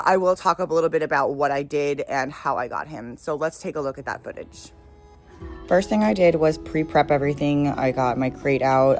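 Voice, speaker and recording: A young woman who runs an animal rescue, talking casually and emotionally in a vlog, with many fillers. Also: extremely low pitch. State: pregnant. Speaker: wildlife rescue owner.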